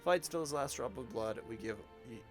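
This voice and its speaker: A man's voice: medium pitch, fairly quick, close to an everyday voice. A man voicing a stern male naval recruiting officer, formal and over-pronounced, with game music behind.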